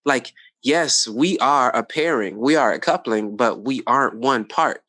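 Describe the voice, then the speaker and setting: A man of middle pitch hosts a casual podcast, talking in an animated way and slipping into lively voices when he quotes people. The recording is dry and close, with no room sound. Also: unhurried, dry recording. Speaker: podcast host.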